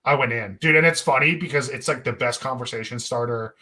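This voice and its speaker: A man's voice: medium pitch, fairly quick, pushed and bright. A young man hosting a podcast, telling a long story in a rambling, profane, laid-back way. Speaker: podcast host. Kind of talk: casual storytelling chat.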